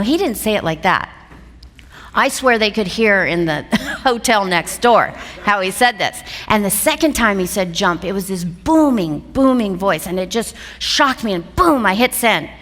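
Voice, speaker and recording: Animated middle-aged woman in a reverberant hall. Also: mid-range voice, a little slow. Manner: animated, expressive, often laughing. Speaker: seminar speaker. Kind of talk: personal story told on stage. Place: event hall.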